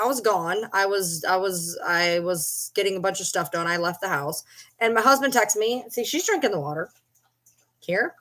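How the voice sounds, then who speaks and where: Blunt, animated woman vlogger. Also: a little high. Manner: blunt, profane, animated storytelling. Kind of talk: casual chat.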